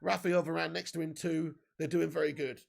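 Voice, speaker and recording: A man hosting a live football watch-along, swinging from low grumbling to excited shouting, swearing often. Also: a little fast, creaky.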